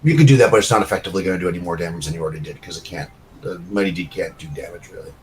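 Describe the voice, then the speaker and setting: A man's voice: low voice, very fast, darkish tone, soft background music, rough recording. A man running a tabletop game as game master, giving loose, chatty rulings with many fillers.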